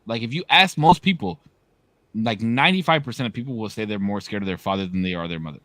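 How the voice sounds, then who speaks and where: A man's voice: lowish voice, quick pace, no echo. A man in his thirties, co-hosting a podcast and telling stories in casual, slangy, profane chat. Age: 30s. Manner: animated storyteller, slangy and profane. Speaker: podcast co-host.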